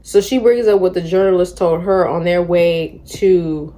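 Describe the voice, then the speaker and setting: Mellow-voiced young woman chatting about books. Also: on the low side, a little slow. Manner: chatty, slangy, animated retelling. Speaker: book vlogger. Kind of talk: casual book discussion.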